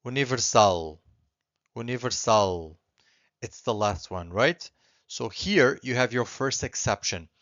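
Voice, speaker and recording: A man teaching a beginner language lesson, patiently repeating words slowly and clearly. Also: mid-range voice, lively intonation, a bit bright, no room sound, muffled recording.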